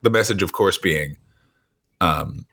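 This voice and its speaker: A young man co-hosting a comedy podcast, rambling through deadpan, absurd jokes. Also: low voice, measured pace, gravelly, slightly rough. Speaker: podcast co-host. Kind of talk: casual comedic chat.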